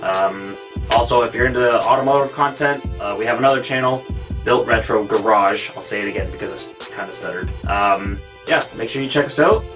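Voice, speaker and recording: A young man from South Africa, now speaking with a Canadian accent, co-hosting a podcast in a rambling, animated way with plenty of swearing. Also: brisk, soft background music. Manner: rambling, animated, swearing, jumps high when worked up. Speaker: podcast co-host. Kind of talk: casual podcast chat.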